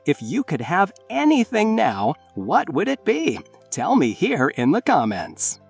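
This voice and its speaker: A narrator reading a scripted English lesson in a lively, emphatic explaining manner. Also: medium pitch, measured pace, vocal fry, husky, faint music behind. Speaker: English teacher.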